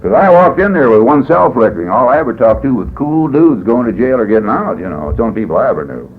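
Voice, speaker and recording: A man from California speaking at a recovery meeting, telling his story in a folksy, rambling way, often adding "boy" and "you know.". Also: medium pitch. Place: meeting hall. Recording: tinny phone-like 1980s tape, faint hiss.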